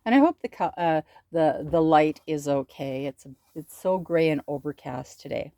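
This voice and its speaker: A middle-aged woman vlogger talks slowly through her handmade crafts, gushing over each detail. Her voice sits low and mellow. The sound is close and dry. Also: animated, dry recording. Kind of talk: casual show-and-tell.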